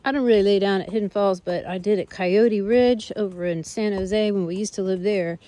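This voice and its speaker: A woman's voice: medium pitch, steady tone, brisk, mellow, natural voice. A woman voicing her older male Arabian horse, a cheeky, stubborn character who rambles and teases in a put-on Southern drawl. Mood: chatty. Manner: chatty, rambling, teasing drawl. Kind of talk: casual in-character monologue. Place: outdoors on a trail.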